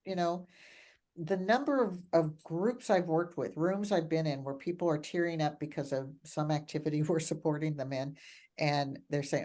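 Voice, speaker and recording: An older woman speaking as a coach and mentor in a reflective conversation, animated, often laughing and repeating phrases for emphasis. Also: deep voice, moderate pace.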